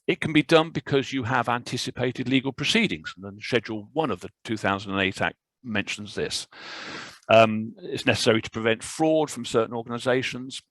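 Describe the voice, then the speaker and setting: A man presenting a legal webinar as a barrister, speaking in a measured, explanatory way with frequent fillers, over a video call. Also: mid-range voice, fairly bright tone, dry recording, poor audio. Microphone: video call microphone.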